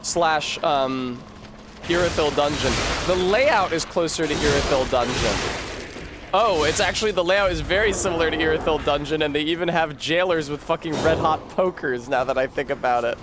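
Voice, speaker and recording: A man's voice: fairly high pitch, normal speed, noisy background. A man streaming a game, commenting casually with sarcastic, rambling asides and frequent swearing.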